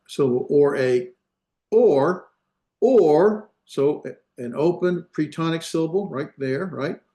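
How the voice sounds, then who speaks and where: A man with a medium-pitched, slightly mellow voice, heard with roomy sound, lectures as a Hebrew instructor in an online class. He speaks over a video call on a computer mic, explaining step by step with numerous fillers and restarts.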